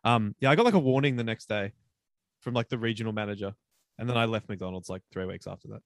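A man's voice: fast talker, no room sound, clean studio sound. A young Australian man in his twenties, co-hosting a podcast and telling a rowdy story in a casual, profane way. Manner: animated, profane, swings up high for quoted voices. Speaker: podcast co-host.

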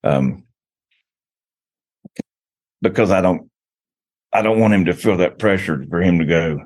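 A man's voice: low voice, animated, measured pace, pauses often, a little mellow. A man telling long rambling stories as a podcast guest, full of restarts and "you know.". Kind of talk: casual podcast chat.

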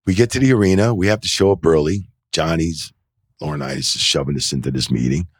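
Man, middle-aged, very low husky voice, dry close sound, lively storyteller, casual interview. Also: fast talker, dry recording. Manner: animated anecdotes, acts out quoted voices; loose, full of fillers like "you know" and "like". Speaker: wrestling referee telling stories as a guest. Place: indoor interview set.

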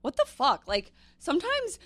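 A young woman co-hosting a podcast, telling stories in a chatty, animated way. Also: high voice, normal speed, dry recording. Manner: chatty, animated storytelling with laughs. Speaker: podcast co-host. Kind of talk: casual chat.

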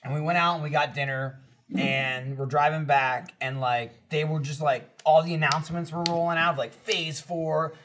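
A man's voice: a little high, steady tone, normal speed, fairly bright tone. A man on a casual podcast, telling a rambling story full of "like" and restarts. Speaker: podcast host. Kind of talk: casual chat.

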